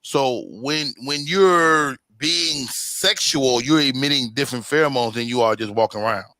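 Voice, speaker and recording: A man's voice: medium pitch, normal speed, bright, forceful tone, no echo. A man hosting a podcast in casual chat, playful and joking. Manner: playful, joking, quotes people in put-on voices. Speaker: podcast host.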